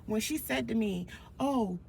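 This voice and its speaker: A woman's voice: fairly high pitch, measured pace, vocal fry, darkish tone, a little hiss or hum. A woman guest on a casual podcast, emphatic and profane as she retells conversations.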